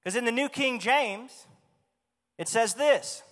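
High-voiced man preaching in a reverberant hall. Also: slow, fairly bright tone. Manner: emphatic, asks the congregation questions. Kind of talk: sermon.

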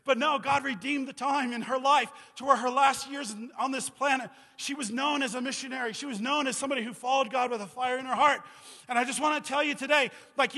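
A man's voice: very high-pitched, pushed and bright. A man in his forties, a missionary preacher giving a sermon in a loose, rambling way, full of "you know" and "like.". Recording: reverberant hall.

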